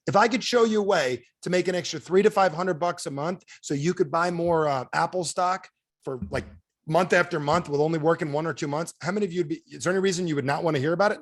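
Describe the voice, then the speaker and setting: A man running a sales training over a video call, animated, firing questions at his audience and acting out quotes in a higher voice. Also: quick pace. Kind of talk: energetic coaching talk.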